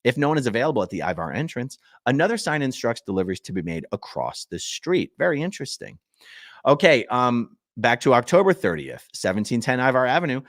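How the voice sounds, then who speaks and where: A man's voice: mid-range voice, very animated, brisk, no echo, clean studio sound. A man hosting his channel, reading legal documents aloud and stopping for chatty asides to his viewers. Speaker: channel host.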